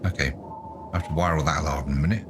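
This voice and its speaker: Exasperated man, deep voice. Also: fairly even intonation, rapid-fire, noisy background. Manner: self-mocking, exasperated, muttering to himself. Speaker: gaming YouTuber. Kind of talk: let's play commentary.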